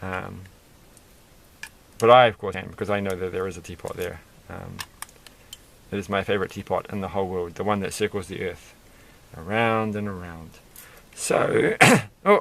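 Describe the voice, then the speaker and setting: A man's voice: deep voice, unhurried, vocal fry, pauses often, a bit bright, slight background noise. Rambling man chatting while building Lego. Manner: chatty, rambling, self-amused asides. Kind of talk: casual rambling build commentary.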